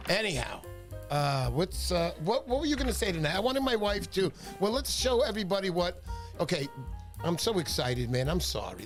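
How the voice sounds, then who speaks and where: Excitable high-pitched fishing-show host man. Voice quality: loud, exuberant, shouts names. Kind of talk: excitable livestream chat.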